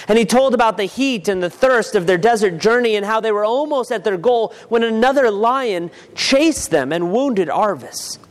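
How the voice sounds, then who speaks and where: Storytelling reader, male, high-pitched, long reverb: slow, deliberate, dramatic pauses. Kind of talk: reading a novel excerpt aloud.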